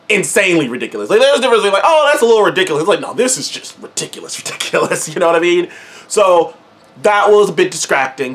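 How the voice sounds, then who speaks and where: A man's voice: high voice, fairly bright tone. A young man hosting his own show, giving a casual movie review full of swearing, slang, laughs and repeated words.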